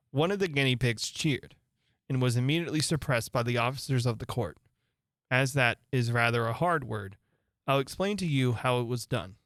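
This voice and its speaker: Man, storybook narrator, steady reading, mid-pitched voice, dry close sound. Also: moderate pace, no room sound. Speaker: host and reader.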